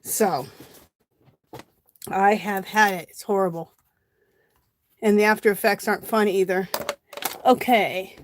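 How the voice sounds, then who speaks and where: A woman's voice: mid-range voice, steady tone, measured pace, pauses often, a little hiss or hum. A middle-aged woman chatting casually on a home craft livestream, greeting viewers by name and a bit out of breath. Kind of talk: casual live-stream chat while crafting.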